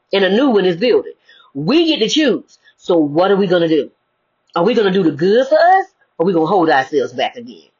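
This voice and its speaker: A woman spiritual speaker gives a preachy motivational talk, casual in tone and full of rhetorical questions. Her voice is medium-pitched and husky, captured in a dull lo-fi recording.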